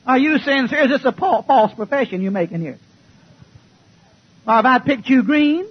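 Brief: male preacher, high and husky, folksy, joking, sometimes shouting, old lo-fi church tape. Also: animated, moderate pace. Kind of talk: fiery sermon. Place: church before a congregation.

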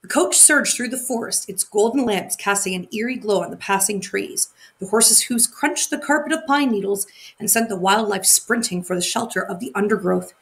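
Expressive woman reading a fairy tale. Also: mid-range voice, normal speed. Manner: expressive, occasional slips and corrections. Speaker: audiobook narrator. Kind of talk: storybook reading.

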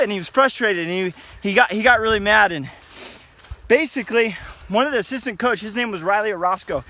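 A man's voice: high voice, a little fast, pushed and bright. A middle-aged man, a wrestling coach, giving an emphatic motivational pep talk outdoors while on a run, often checking in with "okay?". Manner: emphatic, repetitive, tags lines with "okay?".

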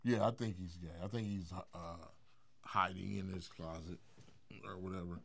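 A middle-aged man, a guest in an interview, telling a story in a lively, profane way. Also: sits low, moderate pace, gravelly. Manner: animated, profane storyteller who swings into loud acted quotes.

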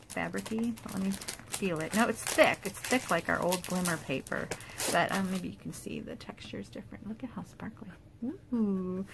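A woman of medium pitch chats through a casual show-and-tell of craft supplies, enthusiastic and full of little asides. Her talk is loose and friendly, with fillers along the way. A faint noise sits under the recording. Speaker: paper craft demonstrator.

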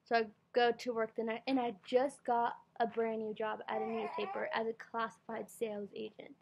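A woman's voice: fairly high pitch, monotone, normal speed, vocal fry, darkish tone, slight background noise. A young woman telling a rambling storytime vlog into her computer's built-in mic, full of fillers and quoted self-talk. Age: young adult. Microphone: computer webcam mic.

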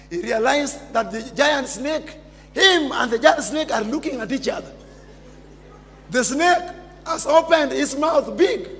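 High-voiced pastor preaching with fervor. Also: male voice, creaky. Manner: emphatic preaching, repeats phrases, bursts into shouts. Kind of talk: sermon. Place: church. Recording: long church reverb with music behind.

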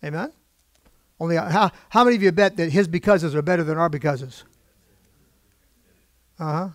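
A man's voice: a little high, moderate pace, no echo, studio quality. A man preaching a sermon from a church pulpit, talking conversationally with his congregation, asking them questions and getting emotionally worked up. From United States. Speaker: pastor.

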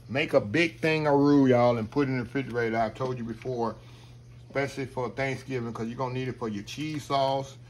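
Man hosting a home cooking show, folksy and chatty, medium pitch, faint kitchen noise behind. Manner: folksy, talks straight to viewers, says y'all constantly. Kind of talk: casual cooking demonstration.

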